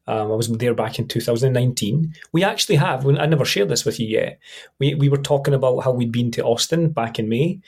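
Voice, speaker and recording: A Scottish man talks casually as a guest on a podcast. His voice is a little husky, and his delivery is relaxed and chatty, with plenty of fillers. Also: medium pitch, brisk. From Scotland. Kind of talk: casual conversation.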